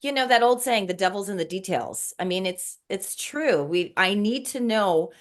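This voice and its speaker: A middle-aged woman speaks at an ordinary pitch, recounting a vivid spiritual dream with earnest emotion. She restarts her sentences often as her feelings come through. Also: expressive, moderate pace. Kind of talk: casual conversation.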